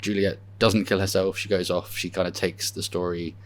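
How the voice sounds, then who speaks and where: A man's voice: low voice, flat delivery, moderate pace. A man interviewing an actor backstage at a theatre, asking friendly, curious questions.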